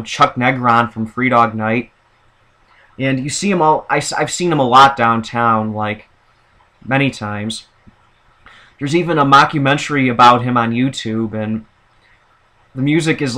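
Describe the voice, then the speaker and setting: A man chats through a casual, opinionated vlog monologue, rambling and circling back with frequent fillers. His voice sits at an average male pitch and carries a bright, forward tone. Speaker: vlogger.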